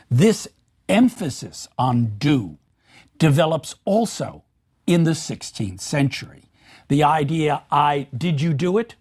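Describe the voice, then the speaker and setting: A man giving an academic lecture in a measured, emphatic way, speaking example sentences aloud. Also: medium pitch, animated, mellow, breathy edge.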